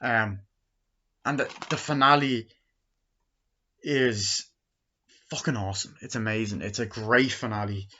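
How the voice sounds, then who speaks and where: A man giving a casual, profane movie review, retelling scenes in a rambling way and jumping into sudden high voices for the characters. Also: measured pace, pauses often, bright, forceful tone, highs cut off.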